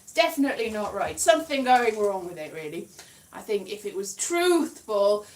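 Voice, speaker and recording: A woman's voice: a little high, fairly bright tone, echoey room, recorded from a distance. A woman from Wales chatting casually on a livestream, rambling and poking fun at herself with frequent giggles. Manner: rambling, self-mocking, giggly. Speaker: comedian.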